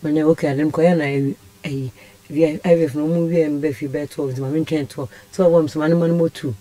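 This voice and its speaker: A woman's voice: sits low, steady tone, quick pace, dark tone, dry recording. A Ghanaian woman telling a personal story as a radio guest, impassioned and rambling. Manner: impassioned, rambling, switches languages. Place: radio studio.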